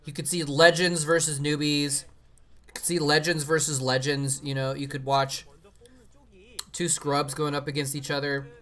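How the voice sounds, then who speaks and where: A man's voice: a little high, level tone, moderate pace, sharp tone. A man casually commenting on an old match during a live stream, rambling with many fillers and restarts.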